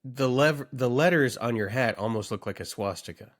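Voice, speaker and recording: A man's voice: mid-range voice, normal speed. A man co-hosting a comedy podcast, riffing and joking in casual chat. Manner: joking, animated riffing with bursts of laughter. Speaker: podcast co-host.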